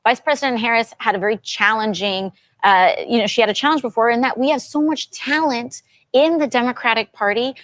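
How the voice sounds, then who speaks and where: A woman politician from the United States answering a television interviewer in measured talking points. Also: on the high side, a bit bright, dry recording.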